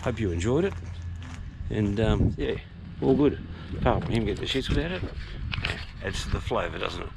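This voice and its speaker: An Australian man talks his way around a country pub, rambling and chatty, dropping the odd casual swear word. His voice is gravelly, with a lively, swooping pitch. A faint hum of background noise sits underneath. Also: normal speed, pauses often. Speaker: vlog host touring pubs. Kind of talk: casual walk-and-talk vlog. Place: outdoors and inside a country pub.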